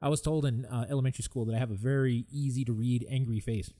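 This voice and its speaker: A man's voice: mid-range voice, steady tone, fast, few pauses, mellow. A man hosting his own podcast, talking candidly and with exasperation about stress, sometimes mimicking other people. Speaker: podcast host. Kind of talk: solo podcast monologue.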